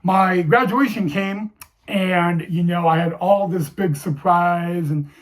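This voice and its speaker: Emotional young man telling a personal story. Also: high-pitched. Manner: halting, with many restarts and fillers. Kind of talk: personal story told to viewers.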